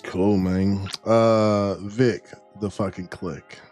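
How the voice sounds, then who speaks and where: A man's voice: fairly low pitch, little pitch movement, drawn-out words, darkish tone, faint music behind. A man co-hosting a casual gaming podcast, reading news aloud and swearing freely. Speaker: podcast co-host.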